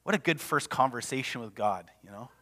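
A man preaching a sermon as pastor, passionate and emphatic, sometimes dropping to a hush. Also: medium pitch, expressive, a little fast. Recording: long reverb of a large hall.

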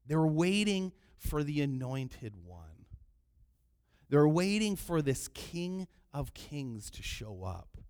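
Animated preaching man, higher voice. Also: slow pace. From Canada. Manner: animated preaching, acting out quoted cries loudly. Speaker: pastor. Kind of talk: sermon.

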